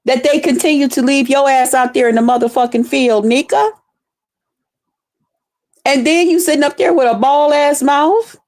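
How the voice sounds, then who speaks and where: A woman's voice: high-pitched, normal speed, a little mellow. A woman streamer delivering an angry, profane, repetitive rant aimed at a rival.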